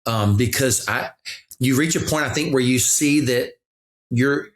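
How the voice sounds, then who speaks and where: A man's voice: mid-range voice, measured pace. Earnest middle-aged man telling a story. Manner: earnest storytelling with frequent restarts. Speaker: podcast guest, pastor. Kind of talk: reflective conversation.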